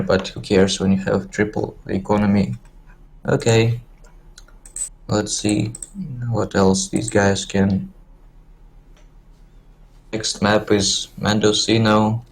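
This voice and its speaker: A man with a lowish voice casts a strategy game in English, his second language. He rambles and jokes in a loose, slightly mumbled way while keys clack in the background. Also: poor audio. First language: not English. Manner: joking, rambling, mumbled delivery. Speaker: game caster. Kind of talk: casual esports commentary.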